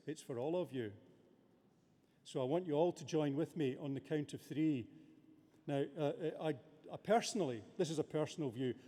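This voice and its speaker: A man's voice: on the high side, mellow. A man presiding over a graduation ceremony, giving a formal, good-humoured address with many hesitations, speaking into a lectern microphone in a large abbey. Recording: long reverb of a large abbey.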